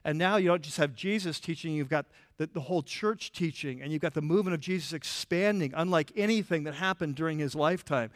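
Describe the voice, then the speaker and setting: A man preaching a sermon in a church, conversational and animated, with frequent restarts and filler words. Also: on the high side, quick pace, few pauses, dry recording, clean studio sound. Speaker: pastor.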